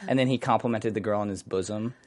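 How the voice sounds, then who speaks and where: A man's voice: fairly low pitch, fast. A man in casual chat about a sitcom episode, joking and often talking over his co-host. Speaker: podcast co-host.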